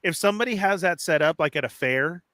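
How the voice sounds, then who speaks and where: Man co-host, casual podcast chat, lively pitch, bright voice, dry sound. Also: fast talker, dry recording. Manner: animated, laughs often.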